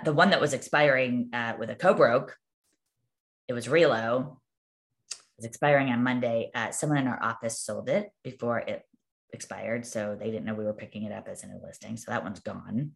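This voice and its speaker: A woman coach with a gravelly, very deep voice gives a motivational talk to sales agents. She tells her stories in a chatty way, full of asides and quick tag questions. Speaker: real estate sales coach and manager.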